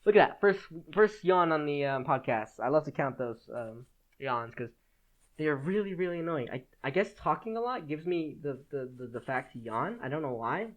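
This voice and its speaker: Speaking at normal speed, a teen boy runs his own solo podcast in a higher, expressive voice. He's chatty and rambling, constantly saying "like" and restarting his sentences.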